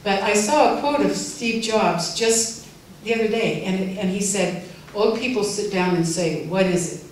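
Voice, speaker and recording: A woman's voice: medium pitch, measured pace. Older woman giving a farewell speech. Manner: heartfelt, gently humorous. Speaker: farewell speaker. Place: event room. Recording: echoey hall from far off, faint noise.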